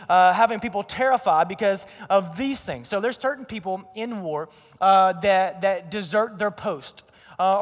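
A young man preaching a sermon with energetic storytelling and acted-out quotes. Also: high voice. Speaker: pastor. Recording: long reverb of a large hall.

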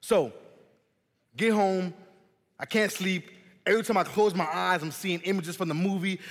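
A young man giving a youth sermon, telling a personal story in an animated, chatty way and often saying "man" and "listen". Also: high-pitched, moderate pace. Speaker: youth pastor. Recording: long hall reverb.

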